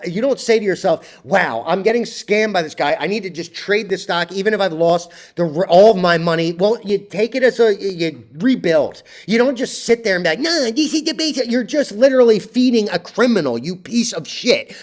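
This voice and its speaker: A young man hosting his own stock video, talking bluntly and swearing, rambling through charts with many restarts. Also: high-pitched. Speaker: stock market video host. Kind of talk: ranting stock chart commentary.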